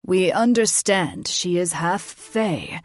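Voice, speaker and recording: A woman voicing a big, protective older male dragon grandfather with a calm, wry manner. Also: lowish voice, slow pace, dry recording.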